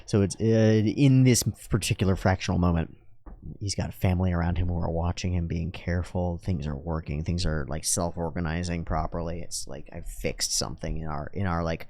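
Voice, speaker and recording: A man rambling through a profane, philosophical monologue at home while high on drugs. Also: darkish tone, no room sound. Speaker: YouTuber.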